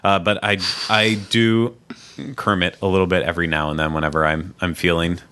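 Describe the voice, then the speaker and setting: A man hosts a loose, jokey podcast chat in a fairly low, bright voice. He rambles, laughs often and keeps things casual with his co-hosts. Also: little pitch movement, brisk, a little hiss or hum. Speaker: podcast host.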